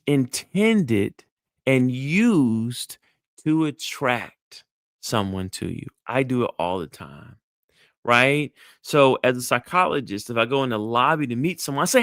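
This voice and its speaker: A man's voice: no room sound, studio quality. A middle-aged man and psychologist, coaching an audience on dating in an emphatic, repetitive way, often asking "right?" and acting out friendly greetings. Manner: acts out friendly greetings in a high bright voice. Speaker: psychologist giving dating advice. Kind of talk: animated coaching talk with role-play demonstrations.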